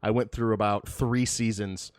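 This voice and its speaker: A man's voice: fairly low pitch, steady tone, moderate pace, dry recording, studio quality. A young man co-hosting a podcast, telling rambling, self-deprecating road stories in casual chat. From Michigan. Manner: rambling storyteller, self-deprecating, laughs often. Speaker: podcast co-host.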